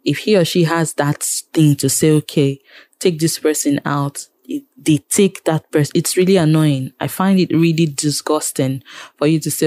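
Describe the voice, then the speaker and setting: A woman's voice: sits low, moderate pace, dark tone. A Nigerian woman, a radio producer and presenter, speaking frankly in an interview, exasperated when she complains about her industry.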